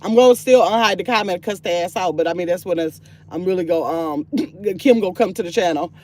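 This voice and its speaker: An older woman hosting a casual livestream from her phone in a parked car, chatty and excitable, reading comments aloud and turning from sweet to sassy. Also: on the low side, brisk. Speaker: livestream host reading chat.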